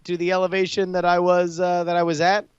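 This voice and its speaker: Male player, high smooth voice, halting and stammering, dry slightly muffled recording. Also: monotone, no echo. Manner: hesitant, stammering with many fillers. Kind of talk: tabletop role-play.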